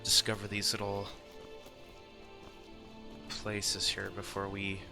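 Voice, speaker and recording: A man's voice: lowish voice, completely flat delivery, vocal fry, over music. A man talking casually through his own gameplay as channel host, musing aloud and often dropping to a whisper to read names. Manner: slow, musing, often drops to a whisper while reading.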